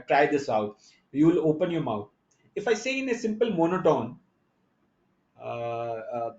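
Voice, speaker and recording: Through echoey, lo-fi online talk audio, a man with a high-leaning, darkish voice presents a conference lecture. He explains things step by step and speaks directly to the audience, though he halts often with fillers and restarts.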